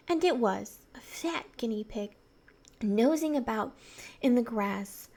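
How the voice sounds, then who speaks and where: A woman reading a children's novel aloud in a soft voice, gently voicing the children. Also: fairly high pitch, expressive, unhurried. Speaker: reader.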